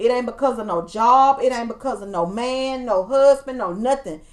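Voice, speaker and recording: A woman chats on a podcast in a fairly high voice. She talks earnestly, almost like she's preaching, and tells stories by quoting the people in them. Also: normal speed. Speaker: podcast co-host. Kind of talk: casual chat, storytelling.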